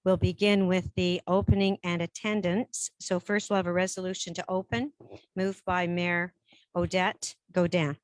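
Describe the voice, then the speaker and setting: Brief: low-voiced bilingual woman, brisk procedural meeting chair, dry close sound. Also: dry recording. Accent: Canadian French-English bilingual. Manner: brisk, procedural, switching between English and French. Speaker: warden chairing a council meeting.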